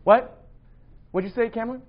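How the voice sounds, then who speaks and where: A man with a high voice leads a Bible class and talks to his students in a loose, conversational way. He keeps quizzing them and checking in with "right?". The recording sounds dull and lo-fi. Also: normal speed. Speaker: Bible teacher.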